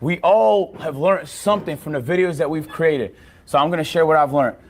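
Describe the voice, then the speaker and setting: A man's voice: a little high, normal speed, slight background noise. A man streamer teaching a casual class with slangy, joking, hyped talk. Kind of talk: casual classroom-style lecture.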